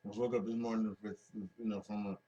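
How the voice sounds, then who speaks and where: A man's voice: on the low side, level tone, fast, warm tone, breathy edge, highs cut off. A man hosting a solo wrestling podcast, talking casually and rambling with many restarts and fillers. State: sleepy, yawning.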